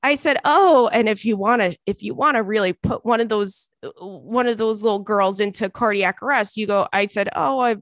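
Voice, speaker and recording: A woman's voice: medium pitch, normal speed, few pauses, dry recording, clean studio sound. A woman, telling a story in casual chat as podcast host and acting out the people in it. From Long Island, New York. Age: 30s. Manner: animated, acts out voices in anecdotes.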